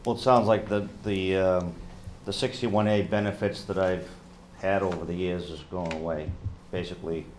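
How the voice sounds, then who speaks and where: Man, very deep voice, hesitant, halting questions, roomy town hall, background noise. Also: fairly even intonation, a little mellow. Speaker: resident asking questions. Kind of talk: questions at a public meeting. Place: town hall meeting room.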